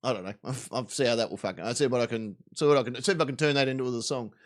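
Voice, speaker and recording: A man's voice: medium pitch, very fast. A man with an Australian accent hosting a live stream, giving crude, rambling, swaggering commentary on videos.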